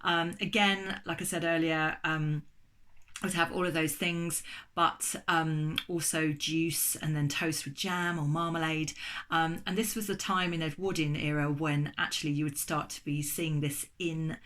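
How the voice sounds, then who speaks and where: An English woman in middle age talks in a casual, chatty vlog. Her voice sits low, and her tone stays eager. She fills her pauses with ums as she goes. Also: fairly even intonation, fairly bright tone. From England. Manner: chatty, enthusiastic, lots of ums. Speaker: food vlogger. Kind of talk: casual chat.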